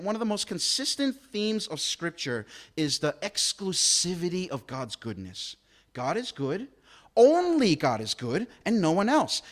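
Brief: male pastor, chatty sermon delivery, fairly high voice with a wide, lively pitch range. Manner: conversational, acts out quotes, rhetorical questions.

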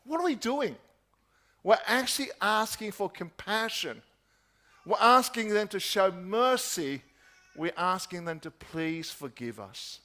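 Slow, high-voiced preacher. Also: male voice, expressive. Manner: rhetorical questions, repeating phrases, dropping soft at key points. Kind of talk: sermon.

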